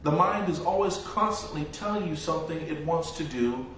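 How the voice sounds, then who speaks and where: Male monk teacher, calm unhurried storytelling sermon, recorded far from the mic in a boomy room with faint noise. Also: very echoey. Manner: slow, reflective storytelling with long pauses. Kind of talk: dharma talk.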